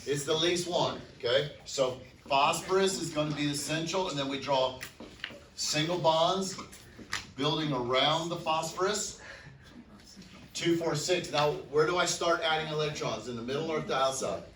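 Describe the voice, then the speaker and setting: A male teacher lectures a class in an upbeat, joking way, counting out loud and firing questions at his students. His voice is bright and forceful. It is recorded in an echoey classroom, picked up from across the room. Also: fairly high pitch, normal speed. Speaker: chemistry teacher. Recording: echoey classroom, mic far off.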